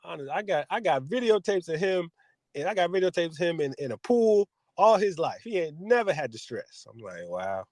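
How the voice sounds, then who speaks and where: A man co-hosting a casual podcast, telling animated stories and acting out quotes in put-on voices. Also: brisk, no echo. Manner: animated storyteller, acts out quotes with big pitch jumps. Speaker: podcast co-host.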